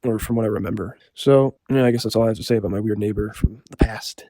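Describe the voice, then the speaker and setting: A man casually telling a story, rambling with lots of filler words and a deadpan delivery. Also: fairly low pitch, quick pace, vocal fry, no room sound, studio quality.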